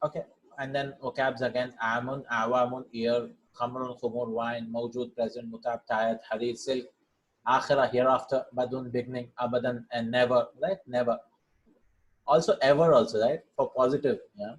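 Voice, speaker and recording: The audio is dull as a man with a medium-pitched, fairly even voice teaches Arabic at a moderate pace. In this casual vocabulary and grammar lesson he thinks aloud, reads each word then explains it, and adds "right?" and "yeah?" as tags.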